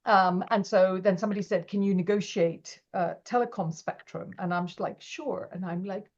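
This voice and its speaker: Animated woman telling stories. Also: medium pitch, fairly quick, few pauses, lo-fi sound. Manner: animated, acts out quoted voices, laughs often. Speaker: podcast guest. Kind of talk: casual interview storytelling.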